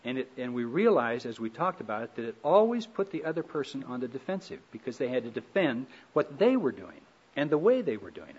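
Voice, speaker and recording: A middle-aged man giving a relaxed, folksy talk on marriage, telling stories with gentle humor. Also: mid-range voice, a little fast, breathy edge. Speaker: speaker on marriage. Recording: dull lo-fi recording.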